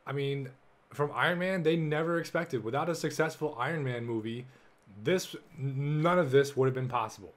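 A young man hosting a casual solo podcast, excitable and full of swearing, jumping between loud bursts and low mumbles. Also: moderate pace. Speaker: podcast host.

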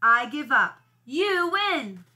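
A woman voicing an excited young boy who calls out loudly for his lost fly in a storybook read-aloud. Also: medium pitch, takes it slowly, heavily acted. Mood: excited calling. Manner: loud, exclaiming.

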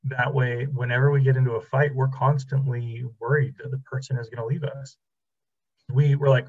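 A man's voice: mid-range voice, level tone, moderate pace, slightly rough, narrow, tinny audio. A man teaching a relationship class in a casual, conversational lecture, telling stories and acting out dialogue. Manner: conversational, acts out quoted dialogue. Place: library classroom.

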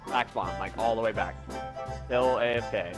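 Urgent gamer making callouts. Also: male voice, lowish voice, normal speed, over music. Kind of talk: game voice chat.

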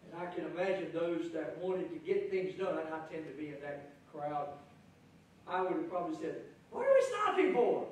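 A man preaching a sermon as pastor, lively, acting out the crowd's voices with a raised voice. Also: a little high, moderate pace, a little hiss or hum. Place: church sanctuary. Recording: echoey church hall from far off.

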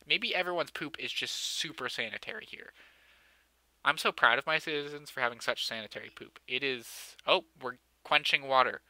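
A young man talks through his city-building game in a loose, joking way, full of dry sarcasm and jabs at himself. His voice is very bright and tight. The sound is dry and close, with no room around it. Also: mid-range voice, moderate pace, no room sound. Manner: joking, sarcastic, self-mocking, often laughing. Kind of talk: casual let's-play commentary.

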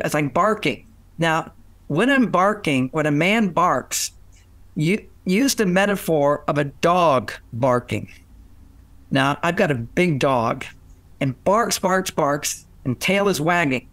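Older man, relationship author as guest, slightly higher-pitched voice, dry close sound, animated anecdotes with playful acted-out quotes and restarts. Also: unhurried, no room sound. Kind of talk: conversational storytelling interview.

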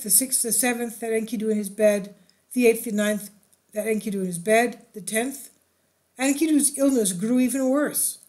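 A woman reading an ancient epic aloud in slow, measured recitation, with solemn repeated lists. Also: on the high side, darkish tone. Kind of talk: scripted narration.

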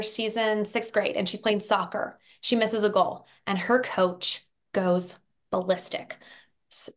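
A woman therapist on a podcast, explaining in a lively conversational way, acting out example voices and often checking in with "right?". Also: medium pitch. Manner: animated storyteller, acts out quoted voices with frequent "right?". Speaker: therapist guest.

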